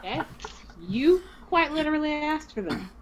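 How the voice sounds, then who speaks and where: A woman's voice: high voice, animated, moderate pace. A woman player in a tabletop game stream, bantering and joking in a teasing, playful way on a noisy home mic. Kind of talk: casual banter among players.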